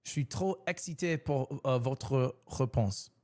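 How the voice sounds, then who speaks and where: A man's voice: mid-range voice, measured pace, warm tone. A young man chatting casually on his stream, rambling and self-mocking, laughing often. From United States.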